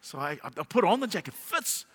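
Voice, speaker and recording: A middle-aged pastor preaching a sermon, telling a humorous story and asking the congregation rhetorical questions. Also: male voice, high voice, very animated, a little fast, a bit bright, breathy edge. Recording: long hall reverb.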